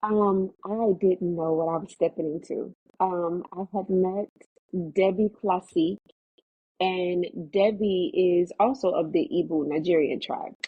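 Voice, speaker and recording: A woman tells her story as an interview guest, animated and quick to act out the voices of others. Her voice is low and husky. It comes over a tinny, phone-like remote line with a dry sound. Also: no echo. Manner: animated storyteller, acts out quotes in a higher voice. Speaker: actress, podcast guest.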